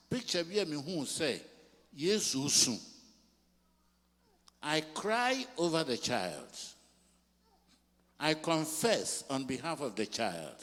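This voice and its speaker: An older man with a Ghanaian accent, preaching a sermon as a pastor in a church, mixing English and Twi in slow, emphatic phrases. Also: mid-range voice, fairly bright tone. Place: large church hall. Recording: long reverb of a church hall.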